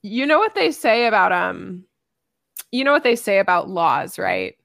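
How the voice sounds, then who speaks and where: A woman's voice: medium pitch, lively intonation, moderate pace, creaky, a bit bright, no room sound, studio quality. A woman co-hosting a casual podcast chat, reading verses aloud and speaking frankly. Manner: reads scripture aloud, candid and swears casually. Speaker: podcast co-host.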